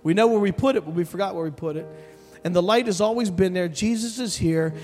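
A man preaching a sermon as pastor, telling a story with animated, emphatic delivery and calling out to the congregation. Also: sits high, fast. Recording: long hall reverb with soft music behind.

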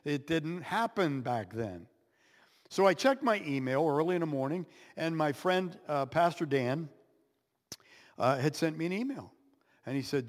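A man telling a personal story as a sermon, animated, with dramatic pauses and playful sound effects. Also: fairly high pitch. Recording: echoey hall with long reverb.

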